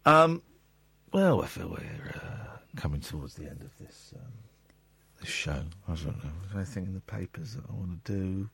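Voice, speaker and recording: Blunt, husky radio host man. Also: deep voice, a little fast, no echo. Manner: blunt, argumentative. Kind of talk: phone-in radio talk. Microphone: studio microphone.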